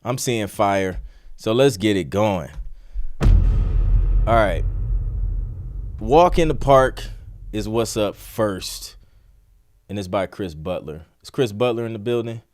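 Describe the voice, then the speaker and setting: A man's voice: fairly low pitch, lively intonation, slow pace, pauses often, a little mellow. A man hosting a live music review stream, greeting viewers casually with slang and upbeat energy. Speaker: livestream host reviewing music. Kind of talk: casual livestream chat.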